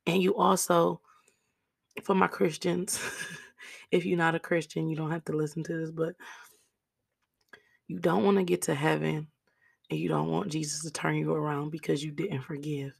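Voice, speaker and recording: Hoarse woman hosting a solo podcast, gravelly fry, level delivery, earnest talk to listeners. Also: sits low, flat delivery, normal speed, long pauses. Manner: earnest, direct encouragement to listeners as "y'all". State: raspy, hoarse voice. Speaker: podcast host.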